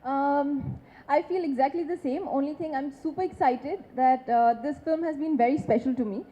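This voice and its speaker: An actress from West Bengal stands on a film launch event stage, giving emphatic, effusive thanks. Her warm voice sits high and moves at a normal speed. The sound is dull and lo-fi.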